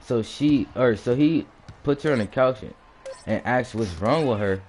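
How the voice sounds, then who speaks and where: A man recounts a personal story in a relaxed, lively manner, frequently starting his sentences over and mimicking the punches with sound effects. His pitch is medium and his pace moderate, with faint music in the background.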